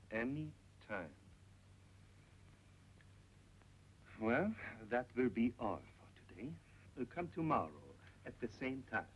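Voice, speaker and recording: An actor playing an ingratiating male shop owner who talks in a coaxing, flattering way, in 1930s film acting. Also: mid-range voice, slightly rough, low-quality recording. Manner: coaxing, flattering, sing-song.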